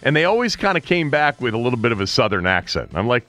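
A man's voice: mid-range voice, very animated, quick pace, few pauses, pushed and bright, faint music behind. A man hosting a sports talk show, chatting casually in a wry, joking way.

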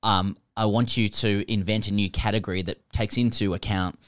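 Low-voiced man thinking aloud. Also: fairly even intonation, fairly bright tone, smooth, no echo, studio quality. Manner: thinks aloud with halting restarts. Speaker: podcast co-host. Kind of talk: casual comedy podcast chat.

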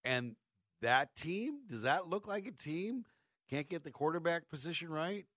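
A man's voice: a little high, lively intonation, unhurried, fairly bright tone, no echo, studio quality. A middle-aged man hosting sports talk radio, ranting sarcastically and firing off rhetorical questions.

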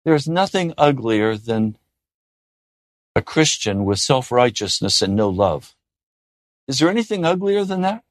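A man preaching a sermon in an earnest way, often dropping to a soft, gentle tone. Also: medium pitch, sing-song, unhurried, pauses often, dry recording, clean studio sound. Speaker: pastor.

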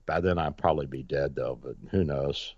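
A man's voice: extremely low pitch, moderate pace, vocal fry, a little mellow, no echo. A man hosting a radio show, telling long rambling stories in casual chat with many restarts and fillers. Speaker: radio show host, doctor. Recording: dry, dull lo-fi radio sound.

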